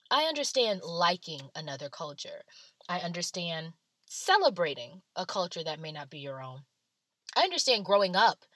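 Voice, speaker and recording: A woman's voice: fairly low pitch, sharp tone, no room sound. A woman giving casual, blunt and sarcastic celebrity gossip commentary.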